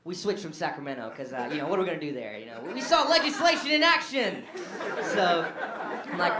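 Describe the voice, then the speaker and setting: A young man performing stand-up comedy on a club stage, telling a story in an animated way that jumps from quick mutters to loud bursts. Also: high voice, over a noisy crowd. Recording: echoey, noisy club recording.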